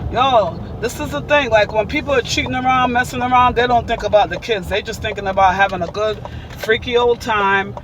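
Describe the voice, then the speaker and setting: A woman's voice: a little high, brisk, background noise. A woman hosting a casual vlog, talking emphatically and preaching, repeating her points. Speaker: vlogger.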